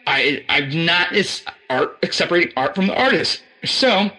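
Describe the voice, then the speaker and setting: Rambling, profane man with a high, bright voice. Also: expressive, unhurried, rough recording. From United States. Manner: rambling and profane, many restarts. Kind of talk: casual chat.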